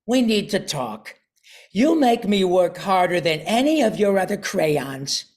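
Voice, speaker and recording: A man's voice: sits high, big pitch swings, measured pace. An older man voicing an overworked red crayon who pleads for a rest in a storybook reading. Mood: weary complaint.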